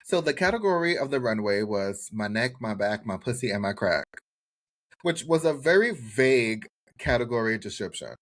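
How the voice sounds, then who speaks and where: A man co-hosting a casual chat podcast, his pitch leaping up and down as he jokes around. His voice has a husky, slightly raspy edge, and he keeps the talk loose and animated. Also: normal speed. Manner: animated, jokey, does exaggerated voices for quoted people. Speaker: podcast co-host. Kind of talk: casual chat reviewing a TV show.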